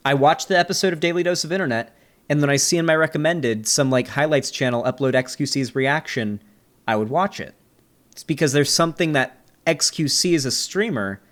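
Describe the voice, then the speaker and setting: A man hosting his channel, giving loose, animated commentary on a debate clip and swearing now and then. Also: medium pitch. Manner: animated, swearing, quick asides. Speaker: debate reviewer, channel host. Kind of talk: casual commentary.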